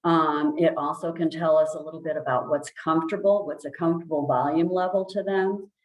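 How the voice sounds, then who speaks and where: A woman speech language pathologist giving a calm, explanatory presentation, with many ums and restarts. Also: deep voice, brisk, echoey room, rough recording. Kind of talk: informal presentation.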